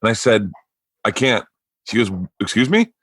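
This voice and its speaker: Bright-voiced man telling stories. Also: on the low side, normal speed, no echo. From Florida. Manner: rambling, animated storyteller who acts out quotes. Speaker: podcast host. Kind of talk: casual storytelling chat.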